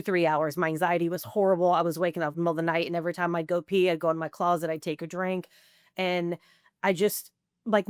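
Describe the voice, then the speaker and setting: A woman's voice: on the low side, clear, resonant tone, no room sound, clean studio sound. A woman in her forties, a podcast guest, telling a candid personal recovery story in a conversational way, full of "like" and quoted self-talk.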